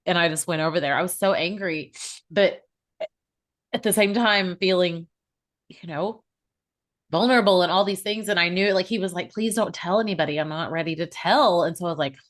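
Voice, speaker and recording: A woman in her forties, a podcast guest, telling a personal story in an animated way and laughing often. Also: lowish voice, fairly quick. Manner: animated, laughs often, acts out quoted voices.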